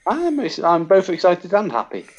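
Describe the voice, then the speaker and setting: A man's voice: high voice, huge pitch swings, normal speed, a little mellow. Male co-host as quiz contestant, hesitant and musing, slightly muffled lo-fi recording. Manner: hesitant, thinking aloud with fillers. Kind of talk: casual chat.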